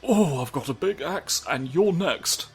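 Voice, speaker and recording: A man with a fairly high voice rambles through silly, sweary jokes while he plays, swinging from mock outrage to giggles. Loud game music sits right under his voice the whole time. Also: animated, unhurried. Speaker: gameplay commentator. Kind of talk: comedic let's play commentary.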